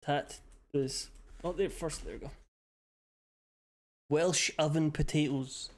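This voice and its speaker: A man's voice: a little high, fairly even intonation, takes it slowly. A man streaming a game, swearing freely and joking back and forth with his chat. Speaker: livestreamer. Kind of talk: casual gaming stream chat.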